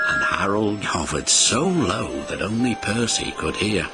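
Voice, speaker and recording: A man narrating a children's storybook in an expressive, sing-song way. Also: lowish voice, unhurried. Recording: music behind the voice.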